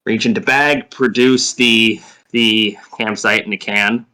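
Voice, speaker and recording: A man playing a tabletop game, describing his character's actions in a halting, hesitant way. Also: lowish voice, steady tone, bright, forceful tone. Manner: hesitant, halting, restarts often. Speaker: player. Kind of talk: casual tabletop play.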